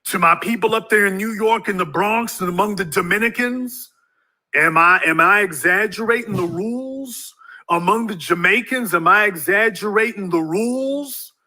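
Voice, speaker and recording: Preachy, bright-voiced male commentator. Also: sits high, normal speed. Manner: preachy, fires rhetorical questions at viewers. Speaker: YouTube commentator. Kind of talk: ranting commentary monologue.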